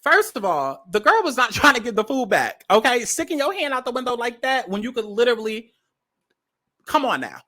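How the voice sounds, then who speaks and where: A woman's voice: on the high side, very animated, fairly quick, bright, forceful tone. A woman hosting casual commentary on a viral video, blunt and sassy, repeating lines for emphasis. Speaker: commentary host.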